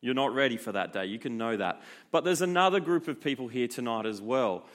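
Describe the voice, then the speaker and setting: Guy in his 30s giving a youth sermon, bright voice, funny storytelling, acts out the quotes. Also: mid-range voice, a little fast. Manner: lively self-deprecating storyteller who acts out quotes. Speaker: youth pastor.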